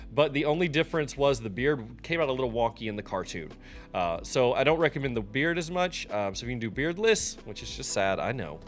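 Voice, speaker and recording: A man talking through a software tutorial in a casual, loose way, often pausing with ums and restarting his sentences. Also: mid-range voice. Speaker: streamer teaching a software tutorial. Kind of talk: casual screen-recorded tutorial.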